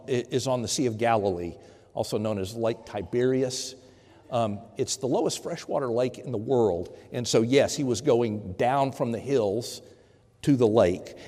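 A man's voice: medium pitch, a little mellow. Guy preaching a sermon, chatty, restarts his words a lot, big echoey hall. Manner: conversational, repeats words, acts out quoted voices. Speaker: pastor. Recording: long hall reverb.

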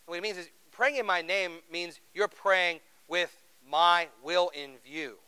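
A man's voice: high-pitched, slow, pushed and bright, clear, resonant tone, poor audio. A man preaching a sermon in an earnest, conversational way, asking the congregation rhetorical questions. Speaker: pastor.

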